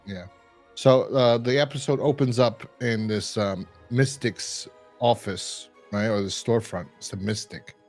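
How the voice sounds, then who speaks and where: A man's voice: on the low side, measured pace, darkish tone, faint music behind. A man hosting a review podcast, chatting casually and rambling with lots of fillers. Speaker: podcast host reviewing a horror episode. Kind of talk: casual chat.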